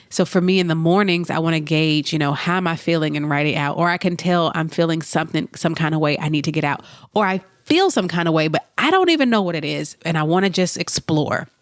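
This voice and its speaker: Lady podcast host, low voice, kinda congested, earnest chatty tone, dry sound. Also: no room sound. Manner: earnest, reflective, conversational. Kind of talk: solo podcast talk.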